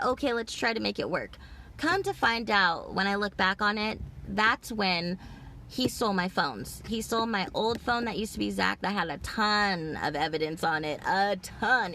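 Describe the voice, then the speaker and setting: A woman's voice: mid-range voice, fairly bright tone, slight background noise. A woman vlogging outdoors in a parking lot, telling a long, rambling, profane story full of fillers. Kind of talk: rambling personal monologue.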